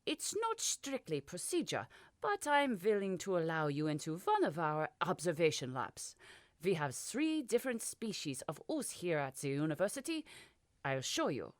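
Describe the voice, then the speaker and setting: A woman's voice: lowish voice, huge pitch swings, normal speed, dry recording, studio quality. A woman voicing a curt, dismissive middle-aged male professor in an audiobook.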